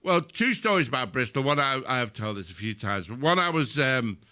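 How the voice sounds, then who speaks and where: A man's voice: mid-range voice, sing-song, brisk, sharp tone. An older male comedian telling sweary anecdotes on a live podcast, laughing as he goes. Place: live venue with audience.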